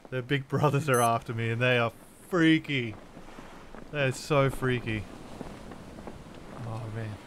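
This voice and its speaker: A male gaming host talks through a survival game in casual commentary, easily startled and full of sudden exclamations. His voice sits at an ordinary middle pitch. A faint hum of noise runs underneath. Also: measured pace, pauses often, fairly bright tone. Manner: jumpy, exclaims often at scares. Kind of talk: casual let's-play commentary.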